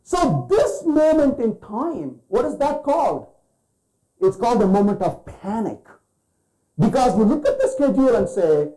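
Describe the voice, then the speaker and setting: Lively, mellow-voiced man giving a keynote. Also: very high-pitched, a little slow, poor audio. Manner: rhetorical questions to the audience, acts out quoted voices. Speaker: keynote speaker. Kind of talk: conference keynote talk.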